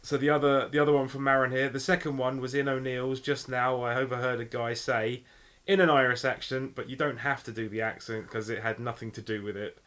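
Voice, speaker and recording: A man's voice: mid-range voice, flat delivery, brisk, fairly bright tone. A man co-hosting a podcast, reading listener stories with dry wit. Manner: dry, wry, laughing. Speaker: podcast co-host. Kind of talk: casual chat.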